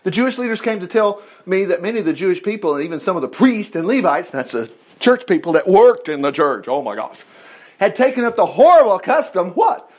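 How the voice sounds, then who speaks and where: A man preaching a conversational sermon, reading scripture aloud with lively, digressive asides and quips. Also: high voice, quick pace.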